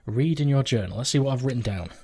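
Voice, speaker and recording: A man's voice: medium pitch, fast talker, darkish tone, husky. A man hosting a let's play from home, rambling through game commentary, joking and swearing casually as he goes.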